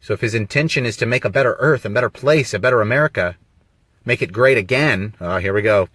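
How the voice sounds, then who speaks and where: A man's voice: medium pitch, lively intonation, fairly quick, sharp tone, husky, no room sound. Man, live stream monologue, emphatic, rhetorical questions, dry close sound. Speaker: vlogger on a live video. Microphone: phone on a mobile signal.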